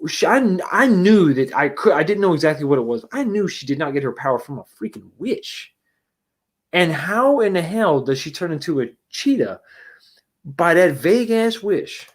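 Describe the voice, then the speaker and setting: A man's voice: fairly high pitch, sing-song, normal speed. A man giving a casual livestream movie review and answering chat, rambling and exasperated, blunt and profane, with many restarts and rhetorical questions.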